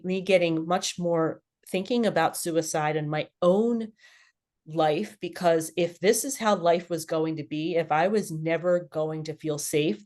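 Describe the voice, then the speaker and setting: Middle-aged woman guest telling her story, lowish voice, open and lively. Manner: candid, animated, laughs at herself. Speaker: podcast guest. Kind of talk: personal storytelling interview.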